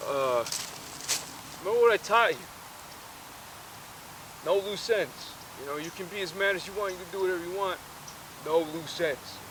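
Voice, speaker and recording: A man voicing an excitable, scheming middle-aged father who fires off rapid questions. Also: high voice, voice pushed up, lightly acted. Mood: insistent. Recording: noisy outdoor background.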